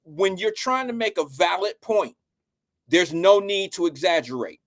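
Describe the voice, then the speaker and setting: A man's voice: high-pitched, expressive, unhurried. A man hosting a live call-in show who talks in a laid-back, reassuring way and often tells callers he hears them. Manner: laid-back, reassuring, says "I hear you". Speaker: host.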